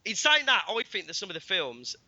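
A man co-hosting a casual podcast, chipping in with quick, opinionated asides. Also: high-pitched, huge pitch swings, sharp tone, dry recording. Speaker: podcast co-host. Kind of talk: casual chat. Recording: dry, slightly dull lo-fi sound.

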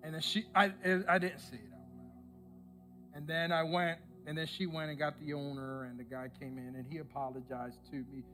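A high-pitched male pastor preaching from the pulpit, spinning a lively, self-mocking personal story and putting on the voices of the people in it. Soft music plays faintly underneath. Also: normal speed. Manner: animated, self-mocking storyteller who acts out the people he quotes.

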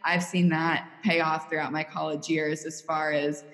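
A woman in her twenties with a Missouri accent answers interview questions with poise and earnest care. Her voice sits somewhat low for a woman. A long reverb hangs behind her. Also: flat delivery, moderate pace, fairly bright tone. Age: 20s. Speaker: interview guest, college student.

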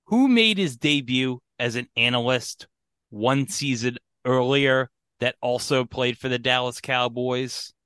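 A man's voice: mid-range voice, a little slow, a bit bright, clear, resonant tone, dry recording. A man co-hosting a podcast in casual chat, joking and quizzing his co-host.

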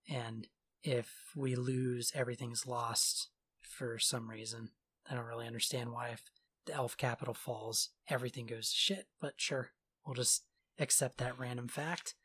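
Husky man recapping a game casually. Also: medium pitch, little pitch movement, fairly bright tone. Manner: sarcastic, offhand retelling with quick mock quotes. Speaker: podcast co-host recapping a game story. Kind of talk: casual chat.

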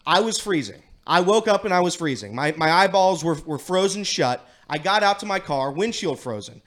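A man's voice: high voice, lively intonation, normal speed, a bit bright. A man from the Cincinnati area doing a rambling, self-mocking comedic weather segment.

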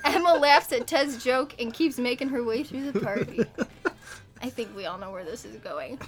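A woman's voice: a little high, normal speed, noisy background. A woman reading a comic story aloud to friends, giving the characters small voices and laughing often. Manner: reads with small put-on quotes, laughs often. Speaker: podcast co-host reading a story.

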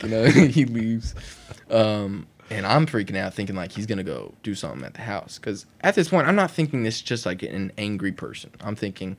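A young man telling his personal testimony in casual conversation, animated, laughing often and acting out what people said. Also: lowish voice, brisk. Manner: animated, acts out quoted voices, laughs often.

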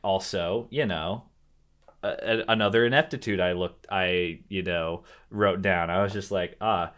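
Young man, low voice, casual film chat, rambling, lots of fillers. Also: moderate pace, fairly bright tone. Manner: rambling, many fillers and restarts. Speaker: podcast co-host discussing a film.

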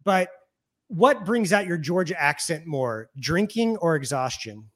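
A man from Missouri co-hosts a casual interview with a voice pitched a bit high. He teases the guest with playful questions. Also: lively intonation, measured pace, a bit bright. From Missouri, USA. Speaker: co-host.

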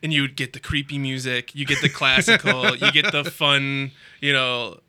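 A man co-hosting a podcast, chatting casually and chiming in with quick jokes. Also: medium pitch, sharp tone, dry recording. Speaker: podcast co-host. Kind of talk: casual chat.

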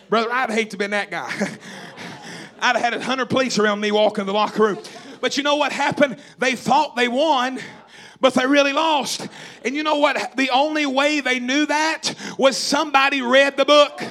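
Preacher, very high and bright voice, emphatic and repetitive. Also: male voice, fairly even intonation, moderate pace. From Tennessee. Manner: emphatic, repetitive calls to the congregation. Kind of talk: sermon. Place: church or camp meeting hall.

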